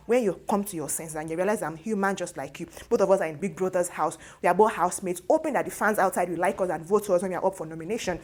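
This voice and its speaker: A woman with a Nigerian accent hosting a casual gossip commentary, animated and opinionated, slipping into pidgin phrases, recorded on a lapel mic in a studio. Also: lowish voice, fast talker, hardly any pauses. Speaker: host.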